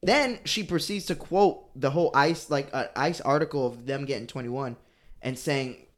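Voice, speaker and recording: Man, casual chat, profane, animated, mid-range pitch. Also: moderate pace. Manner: profane, animated, mock British voice at times. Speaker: podcast co-host.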